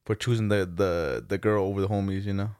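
A man hosting a podcast, trading relaxed, teasing, slangy banter with his co-host. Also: low-pitched, brisk, clear, resonant tone, dry recording. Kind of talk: casual chat.

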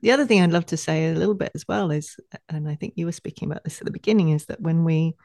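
A woman speaking as a guest in a casual podcast conversation, animated and quick to laugh as she acts out her own inner voices. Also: sits low, a little hiss or hum.

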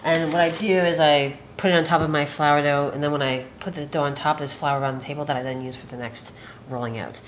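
A woman chef telling stories casually while cooking in a kitchen, animated and swearing freely. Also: sits low, fast, a little hiss or hum. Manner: animated, profane, chatty. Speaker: chef, guest.

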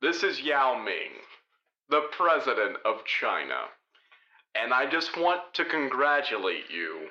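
Man doing a smug all-knowing leader, slow lively delivery, bright tone, echoey muffled room. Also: medium pitch, full character voice. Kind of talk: comedy audio sketch.

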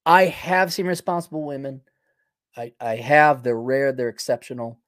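A man's voice: medium pitch, normal speed, fairly bright tone, dry recording, clean studio sound. A middle-aged man hosting his own podcast, talking in a rambling, sarcastic, opinionated monologue full of restarts and chuckles. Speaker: podcast host.

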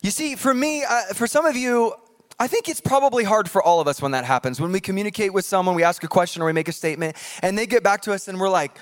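A man preaching a sermon in a church, animated and jokey, acting out voices from scripture. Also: high voice, fast talker. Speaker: pastor. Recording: long hall reverb.

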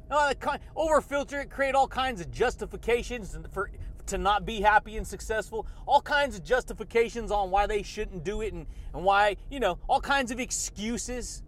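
A man's voice: high voice, normal speed, a bit bright. A man hosting a motivational podcast, hyped and repetitive, calling his listeners buddy and baby. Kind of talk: fired-up motivational monologue.

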